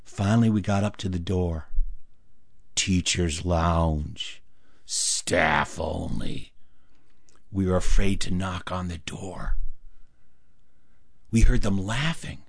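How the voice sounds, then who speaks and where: A man performing a personal story, acting out the dialogue in an animated way. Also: low voice, a little slow, long pauses, slightly rough, dry recording. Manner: animated, acts out dialogue with varied voices.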